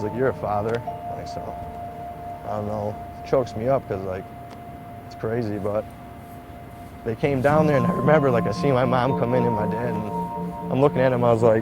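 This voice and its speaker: A man's voice: medium pitch, normal speed, long pauses, low-quality recording. A young man telling a personal story in an interview, peppering it with "like". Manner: heavy use of "like", acts out quoted voices. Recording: interview clip with music underneath.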